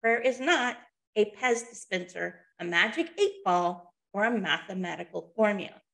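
A woman's voice: mid-range voice, creaky, fairly bright tone. Woman giving a conversational webinar talk. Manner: conversational storytelling, checks in with listeners. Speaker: webinar presenter.

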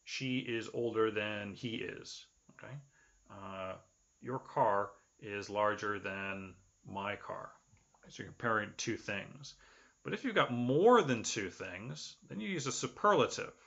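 Bright-toned man giving a lo-fi lecture. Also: lowish voice, gravelly. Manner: explains patiently, filling pauses with "okay" and "uh". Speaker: English lecturer. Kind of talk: recorded online lecture.

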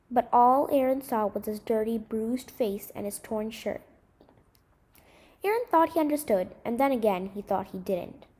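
A woman reading a short story aloud in an expressive, dramatic way. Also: a little high.

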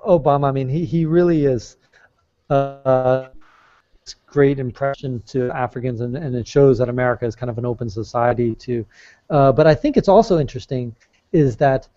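A man's voice: mid-range voice, dark tone. A man being interviewed as a travel author on a podcast, talking at length in a casual way and restarting his sentences often. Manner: talkative, explains at length with restarts. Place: calling in from abroad. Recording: slightly muffled audio.

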